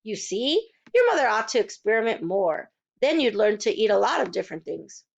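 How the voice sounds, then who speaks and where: A woman's voice: mid-range voice, sing-song, moderate pace, vocal fry. A woman voicing a cheerful, confident father who coaxes his kids along. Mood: coaxing. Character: cheerful dad, eager and confident. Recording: dull lo-fi recording.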